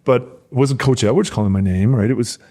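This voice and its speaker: A man's voice: medium pitch, brisk. A middle-aged man from rural Wisconsin, a former football player, telling stories in a casual podcast interview and acting out his old coaches. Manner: animated storyteller, acts out coaches' shouts in a raised voice.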